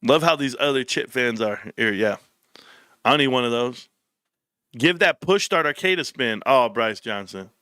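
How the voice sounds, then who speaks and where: A man's voice: mid-range voice, lively intonation, normal speed, sharp tone, clean tone, no room sound, studio quality. A man hosting a casual livestream, reading comments and telling loose, profane stories with frequent laughter. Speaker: livestream host.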